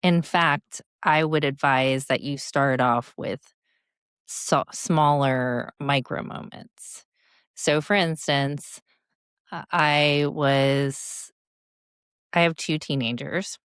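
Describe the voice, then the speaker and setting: Low, smooth-voiced woman in her forties, unhurried, reflective podcast guest sharing a coaching story. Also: steady tone, fairly bright tone, dry recording, studio quality. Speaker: guest speaker and leadership coach. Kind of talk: podcast interview.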